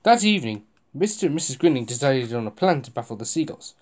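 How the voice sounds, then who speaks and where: A reader narrating a children's picture book aloud, slowing down for suspense and adding asides to the listener. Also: mid-range voice, very animated, a little mellow.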